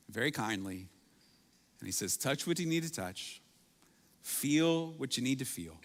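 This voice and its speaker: A man preaching a sermon as pastor, swinging between hushed, intimate lines and sudden loud emphasis. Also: medium pitch. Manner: dramatic shifts between soft intimate lines and loud bursts. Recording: long hall reverb.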